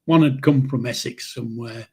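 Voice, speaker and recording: A man, telling old memories in a rambling, halting way with chuckles. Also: mid-range voice, mellow, slightly rough. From England. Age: 70s. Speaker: channel host, grandfather. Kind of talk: casual spoken memoir storytelling.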